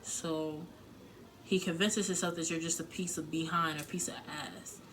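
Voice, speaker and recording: Speaking to camera in a casual vlog, a young woman offers candid, emotional relationship advice, full of swearing and filler words. Her voice is low and fairly bright, with fairly even intonation and a normal speed, in a rough recording with a little hiss or hum.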